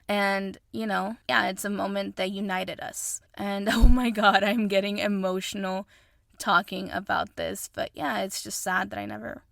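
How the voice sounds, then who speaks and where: Gravelly-voiced chatty woman podcast host. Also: mid-range voice, fairly bright tone, no room sound, studio quality. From Mexico. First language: Spanish. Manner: chatty and effusive, says y'all. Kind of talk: casual solo podcast chat.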